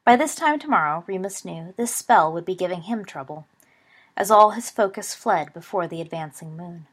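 A woman narrating a story in a steady, even reading voice. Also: on the low side, normal speed.

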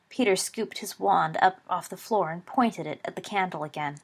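A woman narrating a story in a steady, even reading voice. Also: lowish voice, moderate pace, gravelly, hardly any pauses, breathy edge.

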